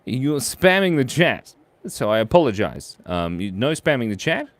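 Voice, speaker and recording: In this casual live-stream, a man draws viewers' suggestions and banters with the chat in a silly, playful way. He speaks at a moderate pace with a very animated mid-range voice, and there's no room sound.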